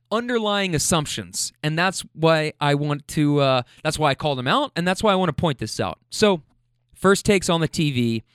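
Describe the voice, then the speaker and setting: Dude ranting through a story, swears a lot, voice jumps all over, kinda high, dry close mic. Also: male voice, clean tone, no room sound. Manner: animated, profane, emphatic, keeps asking "okay?". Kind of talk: casual storytelling monologue.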